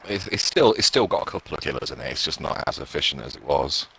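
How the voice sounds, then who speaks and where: A man's voice: very deep voice, lively intonation, fast talker, gravelly, a bit bright, breathy edge, low-quality recording. A man commentating casually on a match, laid-back, joking and a little boastful.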